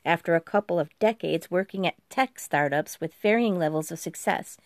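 A woman's voice: lowish voice, normal speed, no room sound. Dry, close woman narrating. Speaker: audiobook narrator. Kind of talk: scripted narration.

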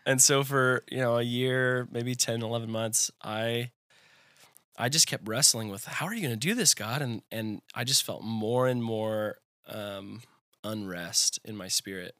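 A man's voice: medium pitch, fairly even intonation, measured pace, fairly bright tone, no echo, studio quality. A young man in his twenties telling a personal faith story in conversation, rambling with lots of fillers. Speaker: guest.

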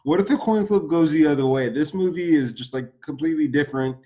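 A man co-hosting a casual movie podcast, animated, laughing often and acting out quotes. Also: a little high, fast talker. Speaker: podcast co-host. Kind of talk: casual movie review chat.

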